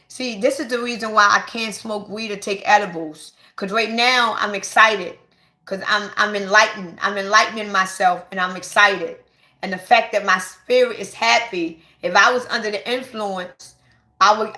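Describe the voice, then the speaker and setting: A woman, giving an excited, emphatic spiritual monologue to her viewers and repeating herself for stress. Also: on the high side. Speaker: spiritual vlogger. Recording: echoey room.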